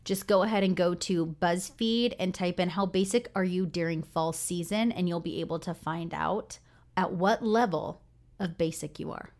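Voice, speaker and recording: A woman's voice: fairly low pitch, normal speed, darkish tone. A woman co-hosting a casual chat, speaking candidly and laughing easily. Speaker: co-host.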